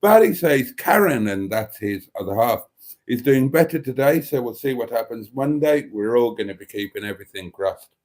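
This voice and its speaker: A man's voice: medium pitch, expressive, moderate pace, darkish tone. A man hosting a casual live stream, reading chat messages aloud and chatting in a self-deprecating way. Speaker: livestream host reading chat.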